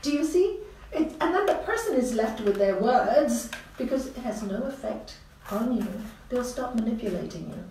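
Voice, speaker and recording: A woman's voice: a little high, sing-song, normal speed, mellow. A middle-aged woman from India who teaches spirituality, giving an informal talk full of stories and rhetorical questions. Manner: storytelling, rhetorical questions, frequent laughter. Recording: echoey room, distant mic, faint hiss.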